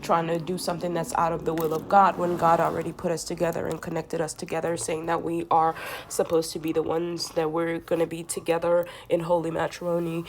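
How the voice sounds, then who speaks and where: A woman's voice: low voice, monotone, brisk, slight background noise. A woman talking straight to camera in an earnest, rambling monologue, sounding congested and often restarting her sentences. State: congested from sinus trouble.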